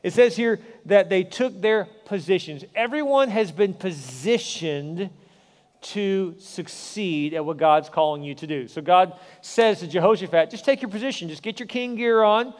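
A middle-aged man preaching a sermon as a pastor, repeating his points with emphasis and rising to excited encouragement. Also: high voice, moderate pace. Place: large church hall with long reverb. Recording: hall reverb.

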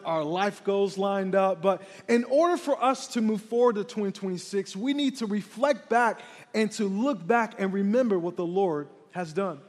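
A young man from Texas preaching a lively sermon as a middle school pastor, energetic and calling out to the congregation. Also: sits high. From San Antonio, Texas. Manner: energetic, hype, calls out to the congregation. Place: large church hall. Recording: live church hall with long reverb.

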